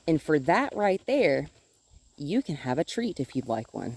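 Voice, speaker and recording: Calm woman dog trainer explaining outdoors. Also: unhurried, breathy edge. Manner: calm, explanatory, talks to the dog in a high sing-song voice. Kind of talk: instructional dog-training video. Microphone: phone held in one hand while filming.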